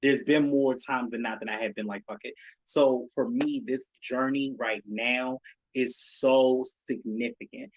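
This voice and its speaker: A man's voice: medium pitch, fairly even intonation, measured pace, no echo, highs cut off. A man in his late thirties hosting his own podcast, talking casually and animatedly, swearing, laughing and acting out people's reactions. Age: 30s. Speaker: podcast host. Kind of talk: casual solo podcast talk.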